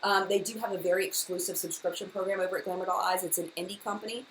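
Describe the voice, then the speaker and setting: A woman's voice: lowish voice, steady tone, quick pace, rough recording. Gushing woman vlogger, faint hiss. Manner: gushing, enthusiastic, repeats herself. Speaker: beauty vlogger, live chat host. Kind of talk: casual live-stream chat.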